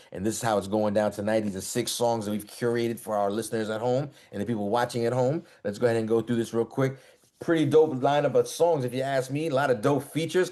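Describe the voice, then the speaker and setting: A man hosting a live-streamed talk show, hyping it up and shouting out his guests. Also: medium pitch. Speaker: host. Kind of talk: hype podcast hosting. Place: online live-stream call.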